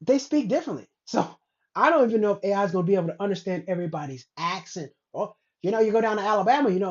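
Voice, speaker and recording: A woman's voice: mid-range voice, lively intonation, quick pace, a little mellow. A woman hosting a casual commentary show, ranting in a blunt, rambling way with plenty of profanity. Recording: dull lo-fi recording.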